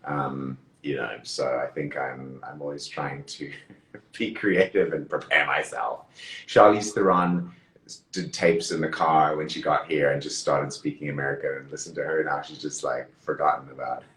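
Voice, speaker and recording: A man's voice: a bass voice, steady tone, moderate pace, a bit bright, reverberant, low-quality recording. A man with a mixed Zimbabwean, Australian and British accent, chatting as an interview guest, rambling with many fillers and laughing often. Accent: mixed Zimbabwean, Australian and British English. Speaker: actor, guest. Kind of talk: casual chat.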